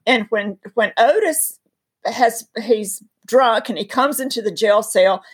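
Breathy Southern woman teaching faith. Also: a little high, takes it slowly. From North Carolina. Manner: storytelling, emphatic, preacherly. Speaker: guest speaker. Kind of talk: earnest faith teaching in conversation.

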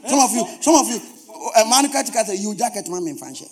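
High-voiced pastor preaching emphatically. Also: male voice, expressive, brisk, crowd noise. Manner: emphatic, repeats phrases for stress; humorous asides to the congregation. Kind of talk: sermon.

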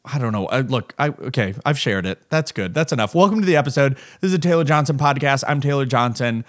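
A man's voice: medium pitch, lively intonation, quick pace. A man hosting his own podcast, a stand-up comic telling a rambling, self-deprecating bit with lots of fillers and acted-out voices. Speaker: podcast host and stand-up comedian. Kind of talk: casual comedic monologue.

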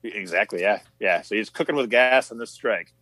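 A man hosting a podcast, talking in a quick, laid-back, amused way. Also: on the low side, bright, forceful tone, breathy edge, no room sound, low-quality recording. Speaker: podcast host. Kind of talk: casual chat.

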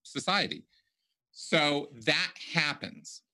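A man's voice: on the high side, very animated, slow pace, bright, forceful tone. A man hosting a casual podcast conversation, speaking emphatically and often restarting his sentences. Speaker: podcast host.

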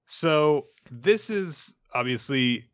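A man's voice: on the high side, animated, drawn-out words, muffled recording. A man co-hosting a casual podcast who analyzes the story with dry sarcasm. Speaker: podcast co-host. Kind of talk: casual chat.

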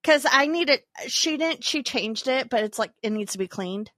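A young adult woman co-hosting a podcast, telling stories in an animated, filler-heavy casual way. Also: high voice, moderate pace, dry recording, studio quality. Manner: animated storyteller, many fillers. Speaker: podcast co-host. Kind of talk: casual chat.

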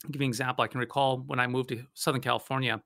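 A male pastor from North Dakota talks through a theological discussion, telling stories in an animated way with frequent restarts. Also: mid-range voice, rapid-fire, creaky, no room sound, clean studio sound.

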